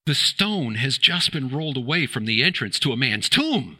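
A man preaching in a church with a very bright, forceful voice. He presses his points with rhetorical questions and rises to emphatic exclamations. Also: mid-range voice, sing-song, moderate pace, hardly any pauses, breathy edge. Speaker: pastor. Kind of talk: sermon.

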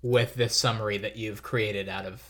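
A man hosting a podcast in casual chat, chatty and quick to laugh. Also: lowish voice, steady tone, bright, forceful tone. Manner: chatty, laughing, full of fillers. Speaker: podcast host.

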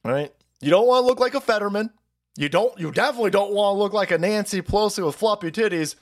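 Profane high-pitched ranting male streamer. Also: quick pace. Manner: loud, profane, mocking, swings between shouts and mutters. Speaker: political stream host. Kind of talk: ranting live-stream commentary.

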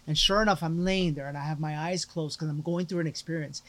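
A man's voice: on the high side, fairly even intonation, quick pace, few pauses, a bit bright. A man guest on a podcast, telling an earnest personal story with lots of fillers and restarts. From Latino background. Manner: earnest, emphatic, with many repeated fillers. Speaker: guest, life coach.

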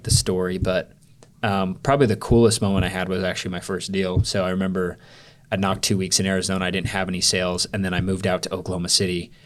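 Male podcast guest, very low voice, candid and rambling storyteller. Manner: rambling, filler-heavy, candid. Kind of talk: storytelling in a casual interview.

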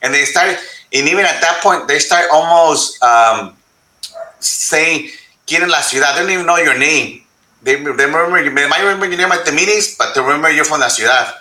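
A man on a discussion panel, talking in an animated way, switching between English and Spanish and asking "right?" again and again. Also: fairly high pitch, a little fast, echoey room, rough recording. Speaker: panel guest.

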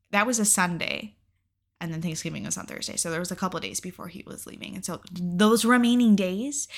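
A woman's voice: mid-range voice, creaky, a bit bright. A young adult woman vlogger telling a personal story in a casual, candid way, swearing freely and filling her talk with "like.". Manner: candid and profane, with frequent "like" and laughs.

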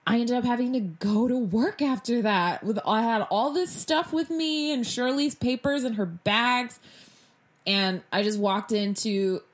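Animated woman telling a story. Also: a little high, unhurried. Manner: animated, dramatic retelling with acted-out quotes. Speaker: vlogger. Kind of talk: casual storytime monologue.

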